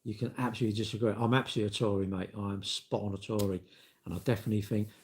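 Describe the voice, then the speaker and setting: A man's voice: fairly low pitch, flat delivery, very fast, darkish tone. A man, ranting bluntly and swearing in a casual live-stream monologue. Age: 60s. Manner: blunt, sweary, storytelling with acted-out quotes.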